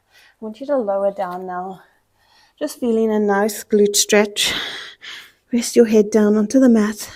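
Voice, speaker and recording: A young pilates instructor, out of breath, cues her class with short exercise instructions and countdowns. Her voice is medium-pitched and darkish, steady in tone, and unhurried with frequent pauses.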